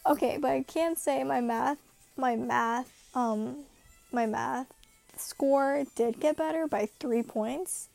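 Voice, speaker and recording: Anxious rambling teen girl with vocal fry. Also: on the high side, darkish tone. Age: late teens. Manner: self-deprecating, anxious, laughs often. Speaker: vlogger. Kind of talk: casual rambling monologue.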